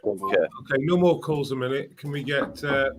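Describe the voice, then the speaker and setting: A man from Wales co-hosting a casual chat, relaxed and hesitant, playing down his own knowledge. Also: mid-range voice, moderate pace, a crowd in the background. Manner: relaxed, hesitant, self-deprecating. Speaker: podcast co-host.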